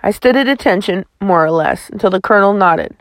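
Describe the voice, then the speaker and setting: A woman's voice: medium pitch, lively intonation, brisk, no room sound. A woman reading a chapter book aloud in a folksy first-person storytelling manner, close to the mic. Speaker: audiobook narrator.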